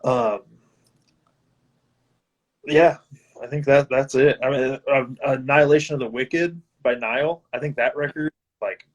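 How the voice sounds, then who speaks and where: A guitarist appearing as a guest on a live video call speaks casually, his medium-pitched voice steady, a little slow, and marked by long pauses. He comes across as laid-back, laughing often and swearing every so often.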